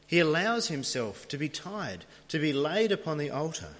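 A man's voice: fairly high pitch, sing-song, moderate pace, fairly bright tone. A man preaching a sermon, retelling a scripture story in a dramatic storytelling manner. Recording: long reverb of a large hall.

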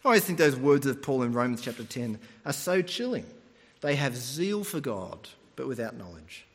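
A man's voice: mid-range voice, normal speed, breathy edge. A man preaching a sermon, retelling stories and putting on voices as he goes. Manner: animated storytelling, mimics voices. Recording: long hall reverb.

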